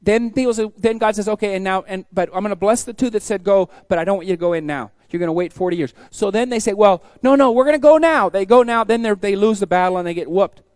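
A man preaching a casual sermon, telling folksy stories and acting out the people in them with sudden loud bursts. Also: sits high, steady tone, quick pace, hardly any pauses, clear, resonant tone, no echo. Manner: storytelling, acts out quoted voices with sudden loud bursts; folksy, conversational.

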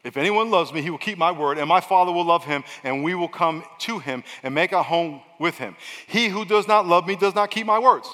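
A middle-aged man preaching in a big church hall, his voice slightly high and very bright. He switches between fiery shouting and relaxed, chatty asides. The sound reverberates long through the hall. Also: a little fast. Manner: energetic preaching, swinging from loud shouts to quiet asides. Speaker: pastor. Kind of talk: sermon. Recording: long echo of a large hall.

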